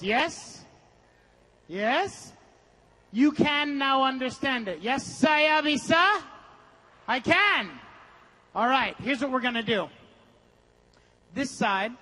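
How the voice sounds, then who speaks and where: A man's voice: very high-pitched, takes it slowly, long pauses, pushed and bright, big-room sound. A man leading a motivational seminar, coaching the audience energetically and breaking into song. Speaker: seminar speaker. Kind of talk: motivational seminar with group singing.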